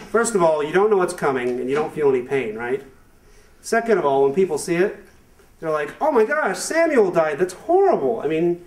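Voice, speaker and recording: A young man doing a rambling stand-up comedy routine with hesitant fillers and deadpan asides to a live audience. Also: fairly high pitch. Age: young adult. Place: live show venue with audience. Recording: echoey room, far from the mic, noisy amateur recording.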